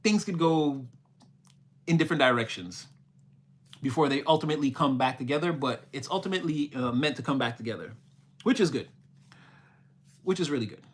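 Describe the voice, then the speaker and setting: A man's voice: on the high side, a little fast, long pauses. A young man, rambling casually on a livestream as a spiritual reader, repeating himself and exclaiming often. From Canada. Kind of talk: casual livestream reading and chat.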